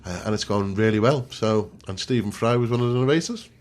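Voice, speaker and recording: Low-voiced man hosting radio chat. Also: a little fast. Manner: breezy, joking, talks straight to listeners. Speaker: radio host. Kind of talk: chatty radio presenting.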